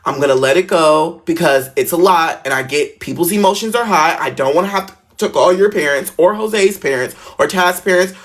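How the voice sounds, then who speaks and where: A man voicing a firm, calm middle-aged female school principal who lectures patiently. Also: a little high, normal speed, few pauses, close to an everyday voice.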